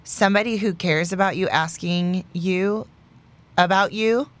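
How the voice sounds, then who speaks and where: Low-voiced woman in her late thirties. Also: a little slow. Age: late 30s. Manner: reflective, emphatic opinions with frequent fillers. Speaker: podcast co-host. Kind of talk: casual chat.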